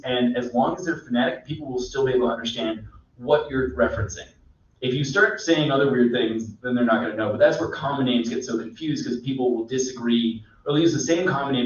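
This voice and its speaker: A man, a mycologist guest, explaining in a relaxed, rambling way with many fillers. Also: mid-range voice, fast. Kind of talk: casual explanatory chat. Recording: echoey, distant, dull sound.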